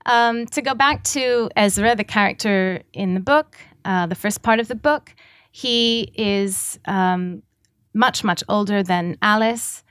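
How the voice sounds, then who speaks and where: A woman author from Massachusetts, speaking softly with many ums and reading from her novel at a bookstore event. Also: mid-range voice, takes it slowly, clean tone, dry recording. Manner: soft-spoken, frequent ums.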